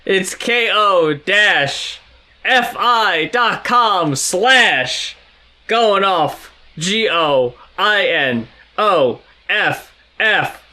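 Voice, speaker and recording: Slow-talking bright-voiced man. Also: sits high, lively intonation. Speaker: podcast co-host. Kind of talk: casual album review chat.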